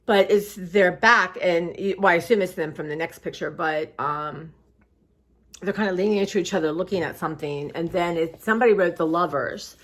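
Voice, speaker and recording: A woman's voice: lowish voice, normal speed, fairly bright tone. A middle-aged woman vlogging in a casual, rambling way, reflective and heartfelt, tired and close to tears. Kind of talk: casual personal vlog chat.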